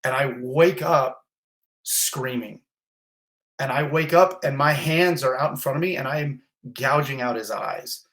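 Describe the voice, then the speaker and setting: A man of middle pitch recounts his own ordeal in a vivid, blunt, intense way. He swears now and then and piles up detail after detail. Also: unhurried, a bit bright. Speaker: fire captain. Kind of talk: intense first-person retelling.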